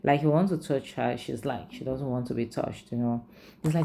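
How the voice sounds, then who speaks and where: A woman's voice: very deep voice, moderate pace, gravelly, mellow, a little hiss or hum. A woman casually recapping and reviewing a film, chatty and full of "like" and "you know". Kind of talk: casual movie recap and commentary.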